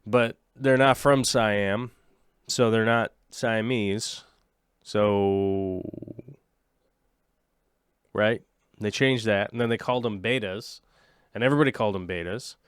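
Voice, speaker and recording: A man's voice: on the low side, takes it slowly, pauses often, smooth, no echo, clean studio sound. A man in his late thirties hosting a casual aquarium livestream, rambling and joking with his viewers. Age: late 30s. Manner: rambling, jokey, chats with viewers.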